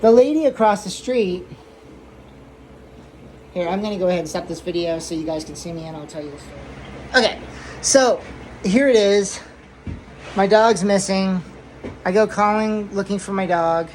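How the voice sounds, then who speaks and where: A woman chats casually to the camera from inside her home, drifting through a long story. She repeats herself and fills pauses with plenty of "um" and "like." A soft hum of room sound sits faintly behind her, and her pitch stays at a middling height. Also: rough recording. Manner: rambling, repeats herself, many fillers. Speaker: aquarium hobby vlogger. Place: indoors at home, new fish room.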